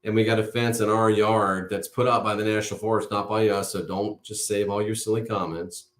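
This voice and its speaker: A man's voice: lowish voice, fairly even intonation, brisk, a bit bright. A man hosting an online show, giving an impassioned monologue to a live audience. He speaks emphatically and in a preachy way, repeating key words for force. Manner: emphatic, with insistent repetition; preachy, declaring things as certain. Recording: roomy echo.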